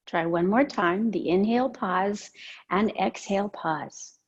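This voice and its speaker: A woman teaching a yoga and breathing class, giving calm, gentle cues with soft pauses. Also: mid-range voice, breathy edge, lo-fi sound. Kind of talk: guided yoga and breathing instruction.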